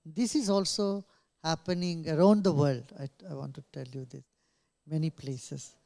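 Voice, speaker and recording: A man answering questions at a press conference in a slow, measured way, pausing often with small laughs. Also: a little high, steady tone, gravelly. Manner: slow, measured, with many pauses and soft laughs. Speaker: invited speaker. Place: press club conference room.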